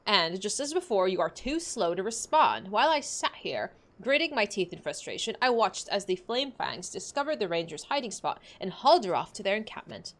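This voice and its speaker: A woman reading the quest lines of an impatient, sharp-tongued female warrior scout in a curt, scolding way, with a lively voice. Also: mid-range voice, a little fast, few pauses. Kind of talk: reading quest dialogue aloud.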